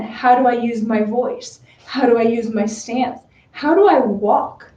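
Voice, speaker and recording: Chatty giggly woman, kinda high voice, mellow tone, sounds far off in an echoey room. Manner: chatty, giggly, many fillers. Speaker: cosplay model. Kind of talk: casual livestream chat. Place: room with a bar. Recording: roomy, distant, dull livestream audio.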